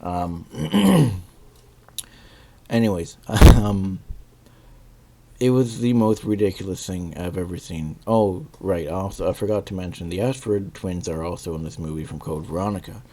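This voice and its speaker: A man giving a casual, rambling spoken review, with many fillers, restarts and pauses while he searches for words. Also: low voice, warm tone, a little hiss or hum. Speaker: video reviewer.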